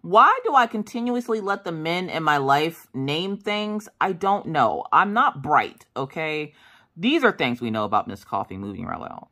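Brief: low-pitched woman vlogger with an animated, swooping delivery and chatty asides. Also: normal speed. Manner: animated, acts out voices in quotes; chatty, with many fillers and asides. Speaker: craft vlogger. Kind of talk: casual storytelling chat.

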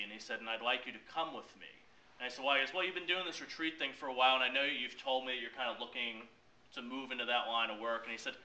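A man's voice: mid-range voice, echoey room, recorded from a distance, low-quality recording. A man telling a personal story at a ministry talk, acting out the dialogue and laughing along. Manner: animated, acts out quoted dialogue with laughs.

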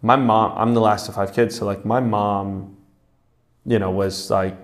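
Male podcast host, casual, slightly low voice, easygoing interviewer. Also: a little slow. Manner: relaxed, short affirmations, restarts.

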